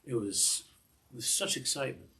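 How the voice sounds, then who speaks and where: A man's voice: mid-range voice, normal speed, sharp tone. An older man teaching a Torah class in a discursive way, often repeating words and mixing in Hebrew phrases.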